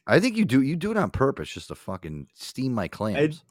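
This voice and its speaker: Brief: male host, casual and profane, very expressive delivery, dry close mic. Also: medium pitch, fairly quick, dry recording. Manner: animated, swears a lot, laughs often. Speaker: podcast host.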